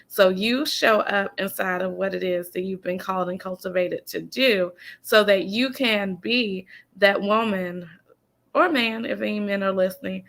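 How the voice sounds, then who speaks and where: Woman coach, faith-driven pep talk, folksy and preachy, slight fry in the voice. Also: mid-range voice, a bit bright. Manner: preachy, emphatic, repeats key phrases; folksy, addresses listeners as y'all and honey. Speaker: business coach and author. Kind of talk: faith-based motivational talk.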